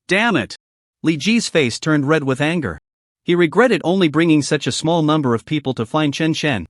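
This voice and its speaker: A man reading a scripted story recap in a steady narrating voice. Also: a little high, no room sound, studio quality.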